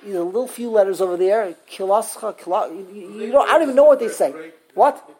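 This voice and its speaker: A woman's voice: mid-range voice, expressive, darkish tone, slightly rough. A woman teaching a text study class, explaining grammar and sounding out words syllable by syllable. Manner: explanatory, sounds out syllables slowly, frequent restarts.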